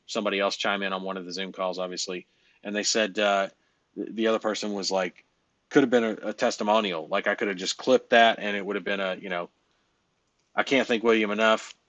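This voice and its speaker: Blunt rambling man with a low voice. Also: fairly even intonation, brisk, fairly bright tone, no room sound, muffled recording. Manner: blunt, rambling, frequent fillers and profanity. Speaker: business coach. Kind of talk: casual coaching talk.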